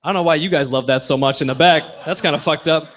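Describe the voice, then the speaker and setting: Punchy stand-up comic with a raised voice. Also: male voice. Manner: punchy deadpan delivery, drops low for asides. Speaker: stand-up comedian. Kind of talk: stand-up comedy set. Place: comedy bar stage with live audience.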